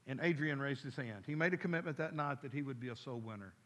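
A pastor telling a story during a sermon in a church, in an animated, dramatic way. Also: male voice, mid-range voice, fast talker, hardly any pauses.

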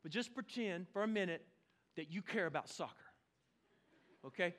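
A man, preaching a lively sermon with exclamations and playful asides. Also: sits high, moderate pace. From Oklahoma. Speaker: pastor.

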